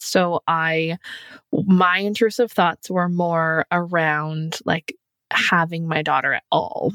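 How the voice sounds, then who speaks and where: A woman's voice: low voice, a bit bright, no echo. A woman talking candidly on a podcast about her own experiences, in a reflective manner with many casual fillers. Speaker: podcast guest. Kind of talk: casual conversation.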